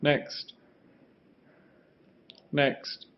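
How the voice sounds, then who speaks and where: Older guy rambling thru his slides, keeps saying next, kinda muffled lo-fi sound. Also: extremely slow. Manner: musing, rambling, repeated restarts, calls for the next slide. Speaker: architect giving a lecture. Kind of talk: slide lecture.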